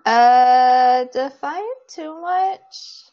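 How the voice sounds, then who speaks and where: Slow, playful woman player on a dull mic. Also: high-pitched, mellow. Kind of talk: playing a tabletop game.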